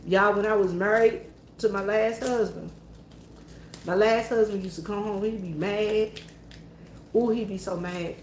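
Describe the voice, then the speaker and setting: A woman's voice: mid-range voice, fairly even intonation, a little slow, pauses often, darkish tone, reverberant, slight background noise. A Southern woman chatting to her viewers in a folksy, storytelling way, alone in an empty church. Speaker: church worker and vlogger. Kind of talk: casual chat to viewers.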